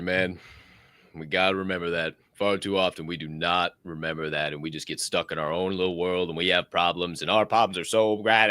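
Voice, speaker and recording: Podcast guy, bright sharp voice, dead dry sound, swears a lot and pushes every point. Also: low voice, moderate pace, no room sound. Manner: emphatic and profane, repeats points for stress. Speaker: podcast co-host. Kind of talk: casual podcast chat.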